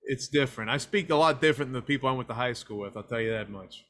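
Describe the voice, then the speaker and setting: A man's voice: medium pitch, quick pace, a bit bright. A man with an East Tennessee accent, a filmmaker and wrestler guest, chatting casually and telling loose, folksy stories. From United States. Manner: folksy storyteller, slips into a hyped funky DJ persona. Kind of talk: casual podcast interview.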